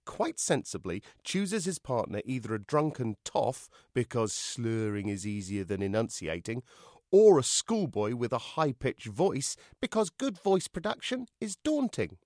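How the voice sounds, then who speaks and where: A man, the author, reading his novel aloud in an expressive, wry manner. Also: medium pitch, no room sound, studio quality.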